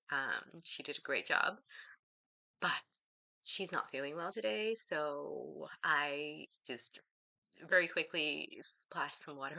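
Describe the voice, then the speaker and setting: Low-voiced middle-aged lady rambling on her channel, sharp bright tone, laughs at her own slips. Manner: chatty, rambling, self-correcting with laughs. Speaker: vlogger; teacher. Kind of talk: casual chat to camera.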